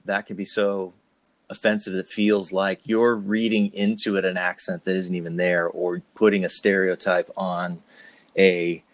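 A man, a pastor and host from New Jersey, talking in a casual church conversation with many restarts and soft laughs. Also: deep voice, level tone, a little slow, no echo.

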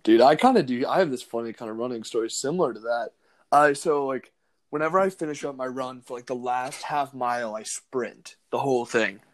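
A young man, co-hosting a casual podcast chat, relaxed and amused, laughing often. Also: mid-range voice, brisk. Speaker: podcast co-host.

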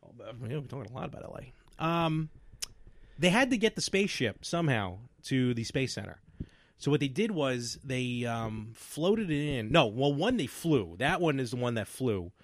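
A man co-hosting a podcast in casual chat, telling stories with lively energy and frequent laughs. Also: medium pitch, moderate pace, no echo. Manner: animated storyteller, laughs often. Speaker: podcast co-host.

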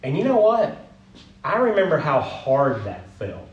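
A man leading an interactive sermon, folksy and animated, asking the room questions. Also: a little high, measured pace, dull audio. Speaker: pastor leading a group session. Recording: roomy echo, mic at a distance.

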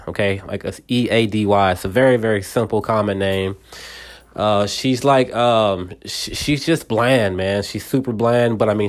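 A man hosting a casual solo podcast, retelling a movie scene in a rambling way with many repeats. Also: lowish voice. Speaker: podcast host.

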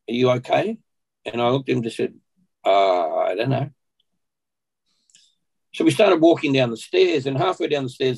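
An Australian man speaks as a podcast guest, telling a personal story in earnest. His voice is gravelly and husky. He keeps an unhurried pace and clears his throat often. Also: mid-range voice, rough recording.

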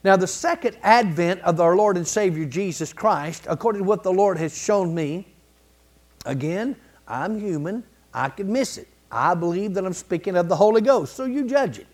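A man preaching a sermon in a folksy, colloquial way, building to emphatic repeated phrases and clearing his throat now and then. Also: high-pitched, animated, normal speed, darkish tone. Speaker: pastor.

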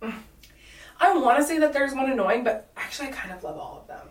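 A woman's voice: high voice, lively intonation, normal speed, far from the mic. A woman in her thirties with a Californian Valley girl accent, chatting casually as a podcast co-host and laughing a lot. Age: 30s. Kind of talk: casual chat. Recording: roomy sound from off-mic.

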